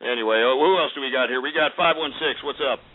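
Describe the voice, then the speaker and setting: A man's voice: medium pitch, quick pace, noisy background. A man hosting a call-in radio show, profane, ranting and short-tempered with callers. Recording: lo-fi phone-like radio archive.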